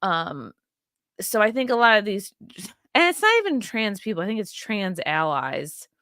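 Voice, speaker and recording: A woman's voice: medium pitch, very animated, measured pace, fairly bright tone, no echo, studio quality. A woman hosting her own show, giving blunt, profane and rambling commentary on video clips with a sarcastic edge. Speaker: host.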